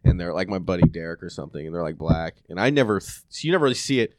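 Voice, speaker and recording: A man's voice: sits low, lively intonation, very fast, darkish tone, dry recording. A man, a comedian, in loose, rambling casual chat who laughs into his stories. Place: Sacramento area.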